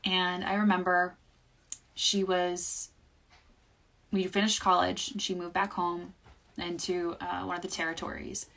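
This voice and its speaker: A young woman talking candidly and reflectively to her livestream audience, often trailing off to quieter words. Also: fairly low pitch, flat delivery, measured pace, vocal fry, pauses often. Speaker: livestream host. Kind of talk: casual personal monologue.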